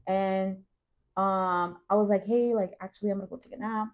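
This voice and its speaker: A woman's voice: mid-range voice, steady tone, normal speed. A young woman co-hosting a podcast, telling a rambling story in casual chat with lots of fillers. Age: young adult. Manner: rambling, uses many fillers and acted quotes. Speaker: podcast co-host.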